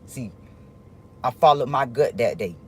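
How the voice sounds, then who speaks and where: Man, mid pitch, casual livestream talk: rambling, halting, confiding with viewers, faint background hum. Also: animated. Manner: rambling, halting, with many restarts; earnest, confiding tone addressing viewers.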